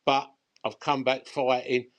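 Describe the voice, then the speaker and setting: Older london geezer spinning yarns, rambling and lively, slangy, jumps up in pitch when he gets going. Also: measured pace. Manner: rambling, animated, colloquial. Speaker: guest bookmaker. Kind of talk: casual storytelling chat.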